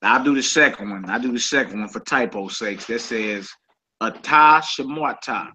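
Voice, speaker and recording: A man's voice: on the low side, brisk, sharp tone, a little hiss or hum. A man leading a casual group lesson in a laid-back, colloquial way, often repeating himself. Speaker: Hebrew teacher. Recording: dull lo-fi recording.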